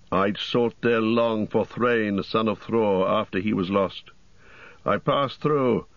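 A man voicing a grave, commanding old wizard in a slow, solemn, measured way. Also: lowish voice, no room sound, highs cut off. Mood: resolute.

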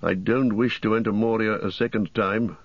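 A man's voice: fairly low pitch, fairly even intonation, normal speed, dry recording, lo-fi sound. A man reading the part of a weary, seasoned ranger in an audiobook, heavy and earnest.

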